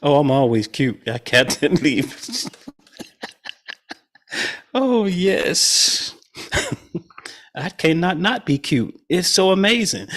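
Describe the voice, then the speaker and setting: A man's voice: a little high, slow, pauses often. A man leading a spiritual study group, teaching in a conversational way and chuckling often. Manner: chuckles often, animated and playful.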